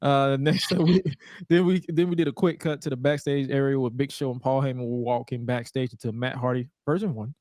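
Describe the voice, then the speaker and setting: The voice is a man of ordinary pitch, laid-back and loose as he recaps old wrestling shows for a podcast. He jokes and swears freely, with the sound close and dry. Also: steady tone, a little fast, a little mellow, no room sound. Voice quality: laid-back, profane, joking. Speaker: podcast co-host. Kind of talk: casual wrestling recap chat.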